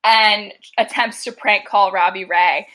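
Young woman co-host, chatty and giggly, bright tone. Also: medium pitch, fairly even intonation, unhurried. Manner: chatty, laughs often, acts out quotes. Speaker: podcast co-host. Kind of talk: casual chat recapping a TV episode.

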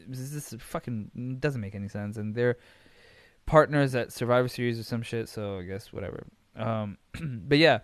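A man's voice: mid-range voice, smooth, dry recording. Exasperated profane ranting man. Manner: rambling with sighs and restarts. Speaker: podcast host. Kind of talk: casual recap podcast.

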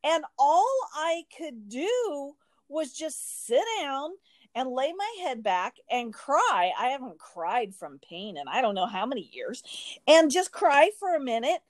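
A woman's voice: high-pitched, big pitch swings, a little slow, no echo. A woman in casual podcast conversation, telling a personal story animatedly, often restarting her sentences.

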